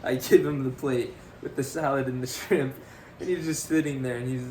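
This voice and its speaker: Telling a story on the podcast he co-hosts, a young man sounds casual and animated, laughing frequently and repeating "freaking." His mid-range voice keeps a moderate pace, and a little hiss or hum is audible.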